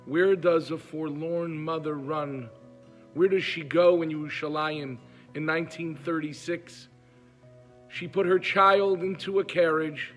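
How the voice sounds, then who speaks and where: A man's voice: a little high, fairly bright tone. A man telling a moving story in an emotive way. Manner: emotive, acts out pleas in a raised voice. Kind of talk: heartfelt storytelling.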